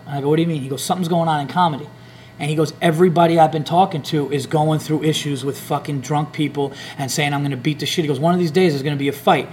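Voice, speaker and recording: A man with a slightly raised pitch tells a long, swearing-laden story in casual podcast chat. He rambles and acts out other people's lines. A faint hum sits under the recording. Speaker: comedian podcast host.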